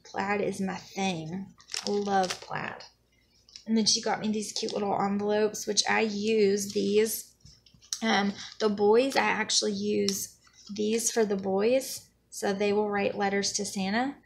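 Gushing woman with a gravelly edge. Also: medium pitch, flat delivery, takes it slowly, a little hiss or hum. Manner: gushing, effusive, lots of "like" and restarts. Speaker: vlogger. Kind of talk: casual chat.

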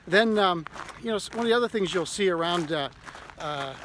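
Halting man chatting outdoors. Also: high voice, lively intonation, fairly bright tone, slight background noise. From Ohio. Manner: halting, many fillers, laughs often. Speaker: co-host. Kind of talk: casual chat.

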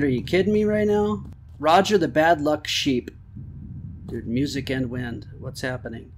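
A man giving excitable let's-play commentary on a horror game, swearing and talking to the game. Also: high-pitched, slight background noise. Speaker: gamer.

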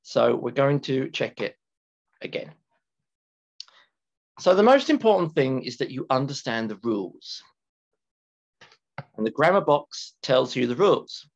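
A male English teacher gives a recorded grammar lecture at a very unhurried pace, repeating and drawing out key words so students can follow. The sound is dull and lo-fi, with keyboard typing now and then. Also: mid-range voice, sing-song, vocal fry. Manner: slow, deliberate, repeats key words and stretches them for emphasis.

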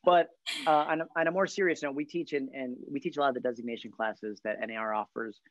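A man's voice: mid-range voice, fairly even intonation, fast talker, dry recording, lo-fi sound. A man, a real estate trainer, talking in a casual upbeat way and joking as he acts out small talk. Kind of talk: casual podcast chat.

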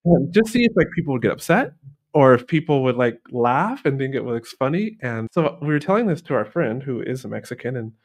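A man hosting a podcast, telling anecdotes in a relaxed, laughing conversational way. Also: mid-range voice, fairly quick. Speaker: podcast host. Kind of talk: casual conversation.

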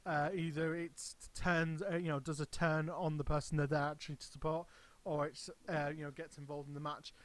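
Higher-voiced man rambling about wrestling. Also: flat delivery, fairly quick, hardly any pauses, no echo. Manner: rambling, hesitant, frequent restarts. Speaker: wrestling channel host. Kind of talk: casual vlog commentary.

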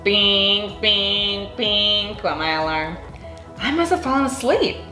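A woman reading a children's picture book aloud in an expressive, sing-song way. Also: mid-range voice, takes it slowly, roomy sound, faint music behind. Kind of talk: read-aloud storytelling.

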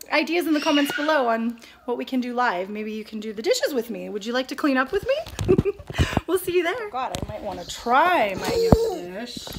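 High-voiced chatty mom in a noisy kitchen. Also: female voice. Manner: chatty, cooing, baby-talk asides. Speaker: cooking vlogger and mother. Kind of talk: casual cooking vlog chat. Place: home kitchen. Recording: noisy home recording. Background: baby crying.

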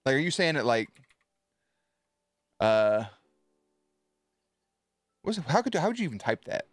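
A man's voice: mid-range voice, very animated, unhurried, no echo. A man streaming live, chatting loosely and swearing as he tells a story to his viewers, with many restarts.

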